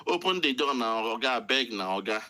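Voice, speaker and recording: A man's voice: mid-range voice, animated, brisk, sharp tone, voice pushed down. A man with a Nigerian accent voicing pleading male officers who beg at a gate, wheedling over and over. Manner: wheedling, repetitive pleading in pidgin.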